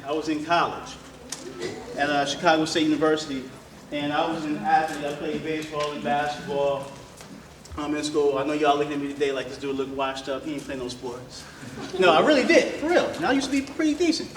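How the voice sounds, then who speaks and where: Male motivational speaker, lively crowd storytelling, fairly high voice, caught from afar in a roomy hall with audience noise. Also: a little fast, distant mic. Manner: animated, joking, addresses crowd directly. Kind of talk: storytelling speech to a live audience. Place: large room with an audience.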